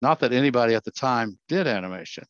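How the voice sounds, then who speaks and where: A man's voice: mid-range voice, animated, fast, fairly bright tone, clean tone, no room sound. An older man giving a slide presentation as a guest speaker, earnest and often correcting himself as he tells a story, heard over a video call. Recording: dull, dry lo-fi sound.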